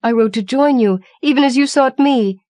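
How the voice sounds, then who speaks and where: A woman's voice: high-pitched, moderate pace, dark tone, no echo, clean studio sound, pitched above the performer's own voice, natural voice. A woman reading the part of an anxious young woman devoted to her lover, speaking urgently and pleadingly.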